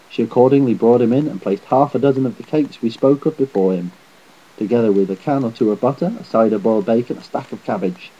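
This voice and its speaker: A man reading a fairy tale aloud in a measured, slightly unpolished delivery. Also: medium pitch, slightly rough. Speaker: storyteller. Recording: dull lo-fi home recording.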